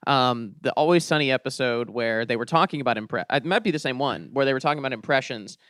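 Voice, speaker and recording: A man's voice: mid-range voice, fast talker, a bit bright, no room sound, clean studio sound. A man guesting on a comedy podcast, chatting with enthusiasm and telling stories. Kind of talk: casual comedy podcast chat.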